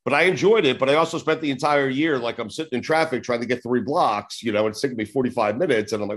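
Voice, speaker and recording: A man's voice: mid-range voice, quick pace, hardly any pauses. A man in his forties from New York, a sports radio host telling long rambling stories in a casual interview, swearing now and then. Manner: rambling, acts out old conversations, swears casually.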